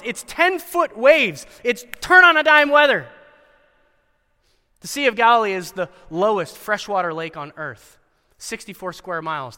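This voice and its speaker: A man's voice: sits high, bright, forceful tone, clean tone, big-room sound. A man giving a chapel sermon at a Christian school, telling a Bible story with wry asides and dramatic voices for the quoted lines.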